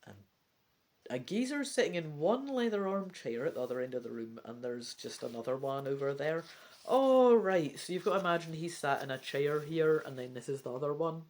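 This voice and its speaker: A woman's voice: low voice, very animated, normal speed, darkish tone. A woman reading a gamebook aloud and chatting through her choices, with self-mocking asides and the occasional whisper. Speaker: gamebook reader.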